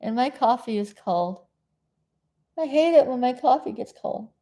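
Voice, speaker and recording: Slow, rambling woman chatting on a stream. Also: on the high side, lively intonation, mellow. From South Florida. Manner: chatty, meandering, loses her train of thought. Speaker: live-stream host. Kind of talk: rambling casual live-stream chat.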